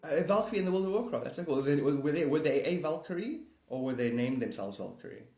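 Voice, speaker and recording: A man's voice: on the high side, lively intonation, fast talker, a little mellow. A man hosting a casual live stream, rambling and joking, swearing now and then and acting out silly voices. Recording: echoey room with faint noise.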